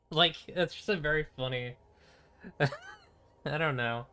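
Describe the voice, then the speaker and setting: A young man streams a game and chats casually, his voice on the high side, smooth with a sharp tone, slow with long pauses. He rambles hesitantly, full of fillers and restarts, chuckling often.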